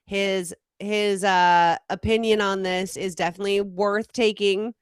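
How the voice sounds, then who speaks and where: A woman's voice: medium pitch, fairly even intonation, measured pace, clear, resonant tone, no echo, clean studio sound. A woman co-hosting a casual podcast, curious and teasing in a conversational way. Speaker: podcast co-host. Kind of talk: casual sports podcast chat.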